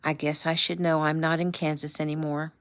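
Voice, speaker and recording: A woman's voice: sits low, little pitch movement, brisk, no room sound. A woman voicing a polite city businessman who sounds earnest and a bit flustered, in a read-aloud novel. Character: polite city businessman, nervous around guns.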